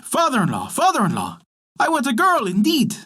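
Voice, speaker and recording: A man's voice: very high voice, wildly swooping pitch, brisk, pushed and bright, slightly rough, pitched above the performer's own voice, full character voice. Man voicing a whiny demanding frog. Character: demanding ugly male frog, croaking.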